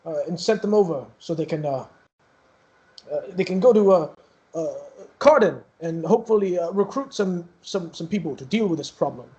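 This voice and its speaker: A man plays a worried village elder in a tabletop game, halting and unsure, pausing often as he asks for help. The voice stays close to his own, a fairly high male voice. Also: mellow, lightly acted. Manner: hesitant, many fillers.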